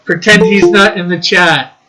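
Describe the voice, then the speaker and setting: A man's voice: sits high, steady tone, a little slow, sharp tone, poor audio. A man hosting a casual livestream, reading chat messages aloud and laughing often between lines.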